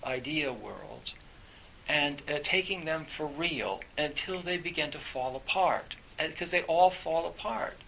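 A middle-aged man, a university professor, giving a reflective talk in a halting way, with many fillers and restarts. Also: medium pitch, vocal fry, sharp tone, slight background noise, poor audio.

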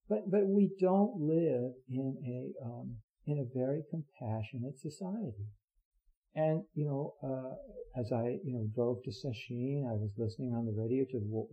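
A man's voice: medium pitch, phone-quality sound. A man giving a heartfelt, rambling Zen dharma talk, full of fillers and restarts. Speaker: Zen teacher.

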